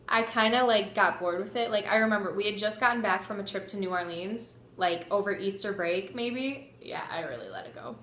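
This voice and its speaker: A young woman telling a story in a casual vlog, animated, swearing freely and saying "like" a lot. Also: medium pitch, roomy sound. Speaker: vlogger.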